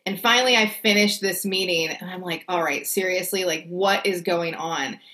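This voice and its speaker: A woman's voice: lowish voice, moderate pace. A woman co-hosting a podcast, talking casually and expressively, with frequent fillers. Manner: chatty, expressive, lots of fillers like "like". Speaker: podcast co-host. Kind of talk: casual chat.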